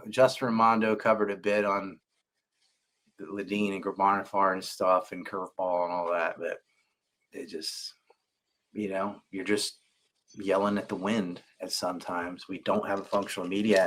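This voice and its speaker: Low-voiced man in animated casual chat. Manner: animated, laughs while telling jokes. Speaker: podcast host. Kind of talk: casual conversation.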